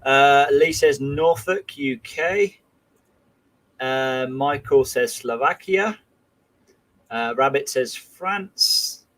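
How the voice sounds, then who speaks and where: A man's voice: mid-range voice, drawn-out words, long pauses, a bit bright, poor audio. A man hosting a casual livestream, reading viewer comments in a chatty, friendly way with many fillers. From England. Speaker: livestream host.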